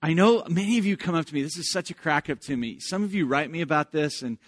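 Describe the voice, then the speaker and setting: A man preaching a sermon as pastor, often repeating words as he starts a phrase and swelling loudly when he reads scripture. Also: a little high, expressive, fast.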